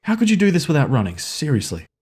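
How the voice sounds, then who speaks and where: Fast-talking and breathy, this male gaming host has a slightly high, darkish voice whose pitch swoops wildly. He's anxious while commenting on a horror game, cursing a lot and jumping in pitch at scares, all while urging on and scolding the on-screen characters.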